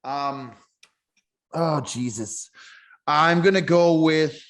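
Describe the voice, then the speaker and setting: A man co-hosting a podcast in casual chat, animated and self-interrupting, laughing often. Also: on the high side, drawn-out words. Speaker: podcast co-host.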